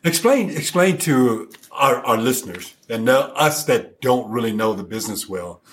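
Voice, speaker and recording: A man's voice: mid-range voice, expressive, normal speed, fairly bright tone. A man hosting an interview, reacting with short exclamations and laughs and asking questions in a casual way. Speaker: podcast host.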